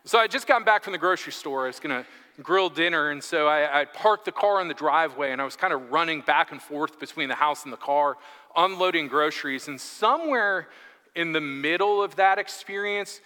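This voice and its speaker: A man's voice: a little high, sharp tone. A man, telling a funny story as a chatty, self-deprecating guest preacher during a church sermon. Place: church sanctuary. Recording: echoey church hall.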